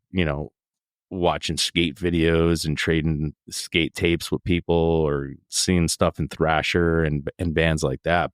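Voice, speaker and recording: Opinionated band member, man in his 40s: low voice, dry and close, pushes his points hard. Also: no room sound. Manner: emphatic, opinionated, ranting. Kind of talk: casual interview chat.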